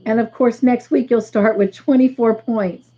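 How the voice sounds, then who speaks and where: A woman hosting a casual livestream, slowly tallying up points for viewers. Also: on the high side, steady tone, mellow, muffled recording. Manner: slow, careful tallying of points. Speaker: livestream host.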